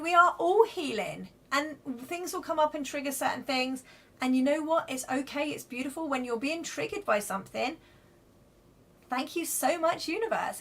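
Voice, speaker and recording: A woman's voice: sits high, a bit bright. A woman giving live card readings to viewers in a chatty, reassuring way, checking in often with "okay?" and "right?". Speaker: card reader.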